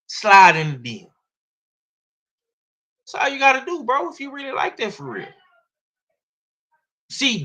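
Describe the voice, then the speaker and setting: A man with a Southern US accent and a voice that sits high delivers boxing commentary that's blunt, slangy and profane, in a casual, animated style.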